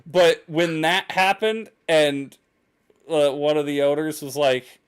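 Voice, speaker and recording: A young man co-hosts a podcast in casual chat, his slightly high voice slow and smooth. He's hesitant, often restarting his sentences, and laughs easily.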